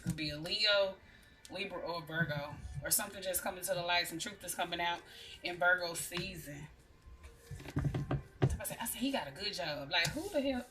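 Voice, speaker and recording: A woman's voice: fairly low pitch, far from the mic. A woman giving a casual, blunt tarot reading, chatting to her viewers. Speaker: tarot reader. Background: music.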